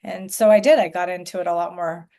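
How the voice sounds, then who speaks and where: A middle-aged woman, an energy healer guest on a podcast, telling her story in an animated way and acting out the voices of people she quotes. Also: on the low side, fast, vocal fry.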